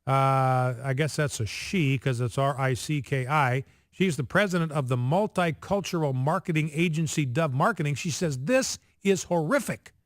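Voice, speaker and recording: A man hosting talk radio, delivering emphatic commentary into a studio mic, slowing down to stress numbers and building arguments with rhetorical questions and repeated phrases. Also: mid-range voice, dry recording. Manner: emphatic, slows down to stress figures.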